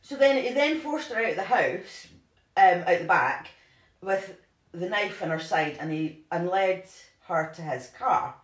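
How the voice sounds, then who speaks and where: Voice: medium pitch, lively intonation, a little slow, a bit bright. A co-host casually retelling a true-crime story, rambling with lots of "like" and restarts. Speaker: podcast co-host. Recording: roomy echo.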